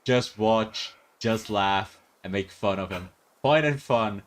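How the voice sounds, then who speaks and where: A man's voice: on the low side, slow pace. A male streamer chatting casually and reacting with frequent laughter while watching a video.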